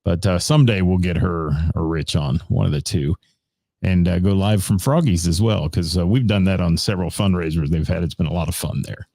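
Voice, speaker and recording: A man's voice: sits low, a little fast, vocal fry, dark tone, no room sound, studio quality. A middle-aged man hosting a live-streamed radio show, rambling casually with lots of fillers as he greets viewers by name. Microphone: studio mic.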